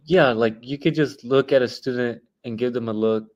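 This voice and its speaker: A young man in his twenties talking casually as a guest teacher, halting with many restarts and fillers. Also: medium pitch, a little mellow, muffled recording. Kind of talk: casual interview talk.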